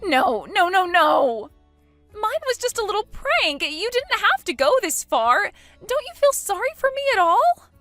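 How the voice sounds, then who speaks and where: A woman voicing a young woman who is entitled and indignant, talking in a high, whiny, outraged tone. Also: sing-song, measured pace, fairly bright tone, no echo, soft background music, full character voice.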